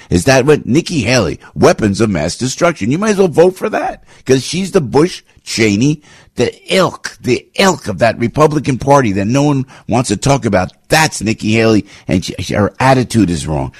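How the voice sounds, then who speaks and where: A man's voice: medium pitch, husky, dry recording, studio quality. A man hosting a radio talk show, delivering a fired-up political commentary monologue and repeating his phrases as he rants.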